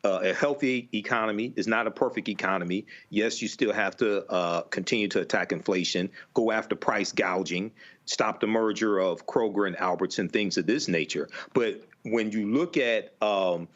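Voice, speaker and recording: A man giving political commentary on a panel, halting, with many fillers and restarts. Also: lowish voice, fairly bright tone, dull audio. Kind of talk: panel discussion.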